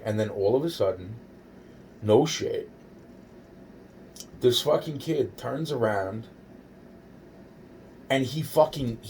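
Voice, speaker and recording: A man's voice: mid-range voice, darkish tone, recorded from a distance, slight background noise. Rambling, profane man in his forties. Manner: rambling, profane, repeats himself. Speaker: storyteller. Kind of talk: casual personal storytelling.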